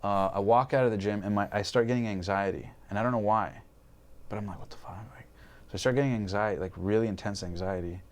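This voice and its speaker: A man's voice: fairly low pitch, steady tone, fast. A man in his twenties, a podcast guest, telling his personal story candidly, swearing freely and acting out his past thoughts. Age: 20s.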